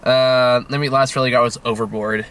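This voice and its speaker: A man's voice: medium pitch, steady tone, brisk, fairly bright tone, smooth. A young man hosting a casual movie review chat, laughing often and swearing casually, with plenty of fillers and restarts.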